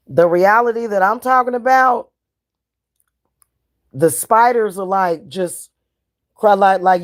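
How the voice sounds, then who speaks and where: Slow-talking woman in slangy, profane chat. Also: medium pitch. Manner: slangy, loose and profane, laughs often. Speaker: spiritual reader and spellworker. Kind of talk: casual livestream chat.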